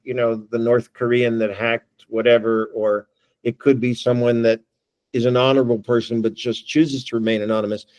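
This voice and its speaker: Guy presenting at a meeting, wry, thinks out loud, dry close sound. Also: mid-range voice, no room sound. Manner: thoughtful, wry, restarts phrases. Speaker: guest speaker. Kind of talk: presentation with discussion.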